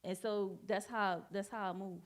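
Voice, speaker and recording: A woman's voice: medium pitch, fairly even intonation, moderate pace. A woman speaking at a church Bible study, giving a personal testimony in an earnest way and repeating phrases for emphasis.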